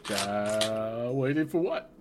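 A man's voice: fairly low pitch, animated, slow, music in the background. A man voicing a shifty male henchman who hesitates, stammers and tries to please his boss in a tabletop game. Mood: nervous. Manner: hesitant, full of "uh", wheedling.

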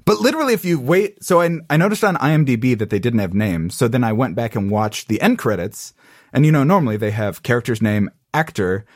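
A man's voice: mid-range voice, no echo, studio quality. A man co-hosting a podcast, chatting casually and playfully about a TV episode over a video call. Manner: animated, quick asides, playful quoted voices. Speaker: podcast co-host. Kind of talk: casual recap chat.

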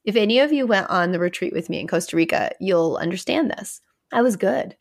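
A woman in her thirties talks on her own podcast in a loose, candid, conversational way. She is a therapist and speaks at a middle pitch. At times she drops to a hushed near-whisper. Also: animated, a little fast, gravelly. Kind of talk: casual solo podcast talk.

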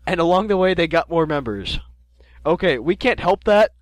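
A man's voice: fairly high pitch, expressive, moderate pace, no room sound. A teenage man from Canada, co-hosting a podcast in casual chat, joking and restarting his sentences as he reads listener mail. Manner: joking, rambling with repeated restarts. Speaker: podcast co-host.

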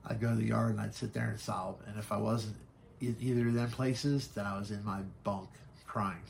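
A man telling his own story as a podcast guest, frank and halting, swearing often. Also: lowish voice, fairly even intonation, creaky, a little hiss or hum. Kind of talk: candid personal storytelling.

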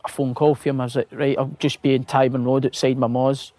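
A man's voice: mid-range voice, flat delivery, fast, dark tone, no echo. A Scottish man, a footballer guest, telling anecdotes with laughter, swearing and acted-out quotes. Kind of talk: casual storytelling.

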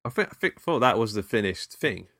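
A man's voice: fairly low pitch, very animated, a little fast, a bit bright, no echo, clean studio sound. A British man recapping a film in casual chat, rambling with laughs and fillers. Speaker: podcast co-host.

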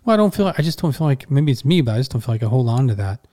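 A man's voice: mid-range voice, big pitch swings, very fast, dark tone. A man in a casual church talk, earnest, who repeats phrases for emphasis.

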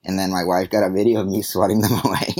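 A man's voice: low voice, level tone, fast talker, darkish tone, no room sound. A middle-aged man hosting a podcast in casual, rambling chat, joking as he goes. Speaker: podcast host.

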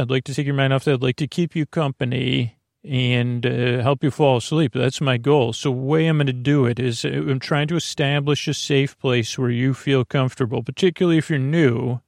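A man hosting a sleep podcast in a creaky, dulcet voice, meandering and repeating himself with lots of fillers. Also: medium pitch, dry recording, clean studio sound. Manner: meandering, repetitive, soft-spoken, with many fillers and restarts. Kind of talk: rambling bedtime podcast intro.

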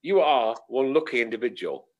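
A man hosting a talk show, jokey and expressive. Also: moderate pace. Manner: jokey, expressive, swinging up and down in pitch. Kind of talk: casual chat.

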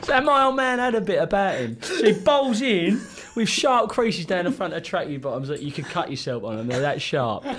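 A man's voice: high-pitched, very animated, normal speed, hardly any pauses, fairly bright tone. A man telling a funny story in casual podcast chat. He acts out other people's voices and laughs often. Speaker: podcast co-host. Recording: noisy podcast recording.

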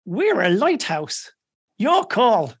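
A podcast co-host voicing a stubborn lighthouse radio operator who reads flat, unyielding replies over the radio as part of a joke. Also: high voice, moderate pace, gravelly, voice pushed up, exaggerated voice. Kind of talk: reading a joke aloud in parts.

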